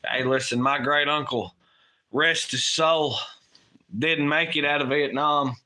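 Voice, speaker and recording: A man's voice: a little high, steady tone, measured pace, pushed and bright. A man co-hosting a late-night livestream, chatting casually in a rambling, profane way and laughing often. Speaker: livestream co-host.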